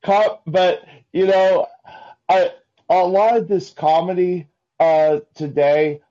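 A man calling in to a live talk show, telling jokes in a halting way with many restarts. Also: sits high, steady tone, warm tone. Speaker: caller. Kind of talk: casual call-in chat. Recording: dull lo-fi call-in line.

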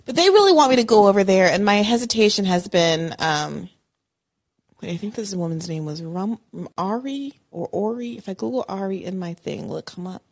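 A woman hosting a casual podcast chat from home over a call app, rambling and self-interrupting, jumping from loud outbursts to quiet mumbles. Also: mid-range voice, expressive, moderate pace. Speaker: podcast host. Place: home apartment. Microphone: remote call audio.

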